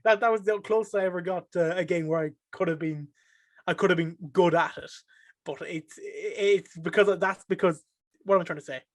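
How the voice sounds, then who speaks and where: A young Irish man chatting as a podcast guest, emotional and excitable, breaking into animated bursts. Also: sits high, moderate pace, no room sound. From Ireland. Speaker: podcast guest, streamer and caster. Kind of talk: casual podcast chat.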